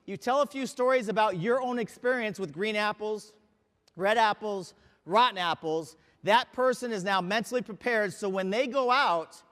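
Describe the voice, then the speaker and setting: Male sales trainer with a very high voice, emphatic, quizzing the audience, reverberant hall. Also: pushed and bright. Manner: emphatic, asks the audience questions. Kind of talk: motivational training talk.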